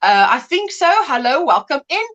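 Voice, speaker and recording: A woman in her fifties with a high voice hosts a homey webcam livestream. She chats loosely, greets viewers by name and drifts into stories with frequent laughs. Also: big pitch swings, normal speed, fairly bright tone, dull audio. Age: 50s. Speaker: livestream host. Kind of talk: casual chat reading viewer comments.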